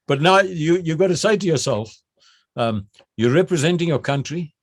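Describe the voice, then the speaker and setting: Older retired officer, reminiscing, restarts often, raised-pitch voice, dry close recording. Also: male voice, expressive, normal speed, long pauses, dry recording. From South Africa. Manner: repeats words when starting, acts out shouted drill calls. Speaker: retired general interviewee. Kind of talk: recounting memories.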